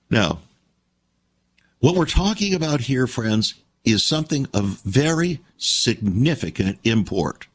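A man's voice: medium pitch, sing-song, takes it slowly, slightly rough. A man preaching an emphatic broadcast sermon, addressing listeners as friends. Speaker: radio preacher.

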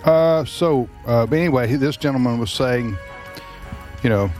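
A man hosting a radio talk show, speaking in a halting way with many restarts and fillers. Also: medium pitch, darkish tone, soft background music. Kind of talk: casual political chat.

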